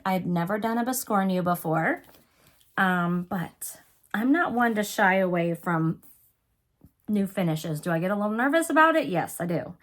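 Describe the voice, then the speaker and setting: A woman's voice: medium pitch, lively intonation, normal speed. A woman hosting a cross-stitch video, chatting casually with a cough and a sore throat, often apologizing and gushing over her finishes. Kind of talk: casual show-and-tell chat.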